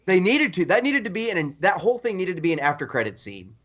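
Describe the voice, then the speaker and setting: A man co-hosting a podcast, telling stories in an animated, excitable casual chat. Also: high-pitched, fast. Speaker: podcast co-host. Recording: dull lo-fi audio.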